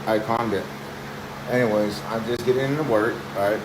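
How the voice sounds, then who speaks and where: A man's voice: lowish voice, fairly even intonation, moderate pace. Spooked man filming in an echoey empty room. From Oakland, California. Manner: rambling, hesitant, spooked. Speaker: maintenance worker filming a property. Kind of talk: casual handheld phone video. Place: empty apartment unit indoors. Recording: echoey empty room with loud background noise.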